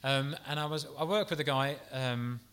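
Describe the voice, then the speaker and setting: A man delivers a sermon with a bright, forceful tone. He speaks gently and earnestly, pastoral in manner, and stops now and then to restart a phrase. His pitch sits in an ordinary middle range for a man. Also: normal speed, smooth. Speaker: preacher.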